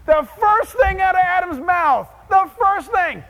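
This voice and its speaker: Animated, jokey preacher man. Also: very high-pitched, normal speed, few pauses, big-room sound, a little hiss or hum. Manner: animated, jokey, swings from hushed asides to loud exclamations. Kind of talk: sermon.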